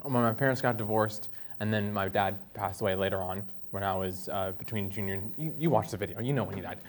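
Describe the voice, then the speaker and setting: A man's voice: on the low side, fast, slight background noise. A young man and dancer telling personal stories in a casual talk, tagging sentences with "right?" and acting out the people he quotes in a raised voice. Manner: animated storytelling, tags "right?", acts out quoted people in a raised voice. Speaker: dancer and speaker.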